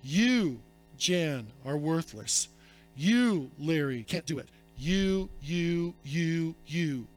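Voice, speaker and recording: A man voicing a cold, belittling male devil who whispers accusations in slow, repeated jabs. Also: animated, soft background music. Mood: taunting. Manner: slow, low, repetitive jabs of "you".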